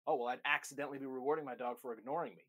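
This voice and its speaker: A man's voice: medium pitch, steady tone, racing, a bit bright, slightly rough. Emphatic man explaining dog training. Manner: emphatic, explanatory, talks to the listener directly. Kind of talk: instructional talk.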